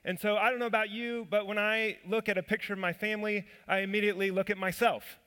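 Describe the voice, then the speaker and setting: A man's voice: high-pitched, level tone, fast talker, pushed and bright, smooth. A man, a church elder, giving a sermon in a casual storytelling way, self-deprecating, with fillers and restarts. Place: church sanctuary. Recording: long hall reverb.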